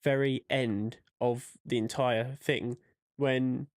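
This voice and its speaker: A man's voice: medium pitch, steady tone, slow pace, no room sound. Man chatting on a dry podcast mic. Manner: rambling, acts out quotes. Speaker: podcast co-host. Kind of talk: casual chat.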